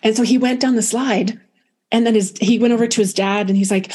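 A woman medium telling a personal story in a soft, reflective way, with many pauses and restarts. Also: on the high side, fairly even intonation, slightly rough. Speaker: guest medium.

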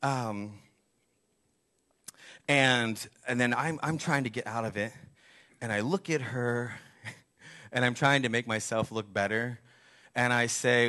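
A man in his forties preaching a sermon, telling a candid, self-deprecating story with animated asides. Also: a little high, moderate pace. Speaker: pastor.

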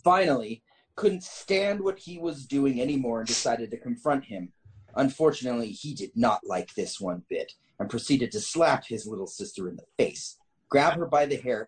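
A man's voice: mid-range voice, poor audio. A man co-hosting a casual chat, reading a story aloud in a dramatic storytelling tone, often laughing and tripping over the words.

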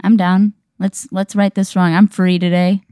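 A woman guest bantering playfully, answering with quick deadpan quips. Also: fairly low pitch, clear, resonant tone, no room sound, studio quality. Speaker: podcast guest.

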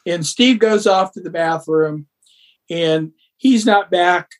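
A man's voice: high-pitched, slow. A man, a guest on a podcast, chatting casually and telling teasing stories about old times. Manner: joking storyteller, teasing. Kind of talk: casual chat.

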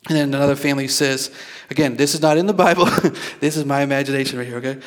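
Conversational pastor preaching a sermon. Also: male voice, medium pitch, steady tone, fast talker. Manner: conversational, repeats words, asks the congregation for replies. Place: church.

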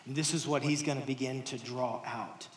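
Pastor preaching in a roomy hall. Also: male voice, medium pitch, steady tone, moderate pace, a little hiss or hum. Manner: shifts between hushed near-whispers and raised emphatic lines; conversational, addresses the congregation directly. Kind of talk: sermon. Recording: roomy hall sound with faint ambience.

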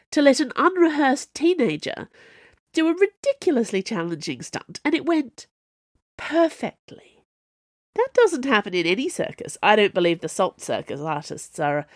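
A woman voicing a calm, knowing retired woman assassin in an audiobook, speaking gently. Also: on the high side, moderate pace, no room sound, clean studio sound, pitched above the performer's own voice.

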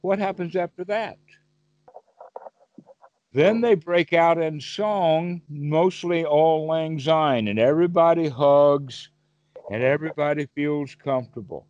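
A man's voice: on the high side, takes it slowly, darkish tone, dry recording. Man teaching meditation over a dull call. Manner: asks the listener questions, vivid everyday examples. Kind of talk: Dhamma talk on a call.

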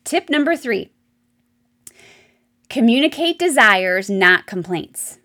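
A woman hosting a solo advice podcast as a marriage coach, talking straight to her listeners in a chatty, animated way. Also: medium pitch.

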